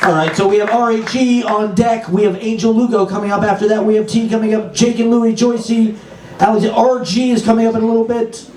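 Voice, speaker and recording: Hyped high-voiced emcee, echoey room. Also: male voice, steady tone, fairly quick, a little mellow, slight background noise. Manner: hyped, cheering up the crowd. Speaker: open mic host. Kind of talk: emcee introductions. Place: small comedy open mic venue. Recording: echoey room, distant mic, faint ambience.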